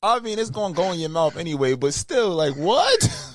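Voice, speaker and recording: A man co-hosting a casual podcast, reacting with disgust and disbelief, often dropping into low mutters. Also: big pitch swings, normal speed, slight background noise. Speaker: podcast co-host. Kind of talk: casual crude banter.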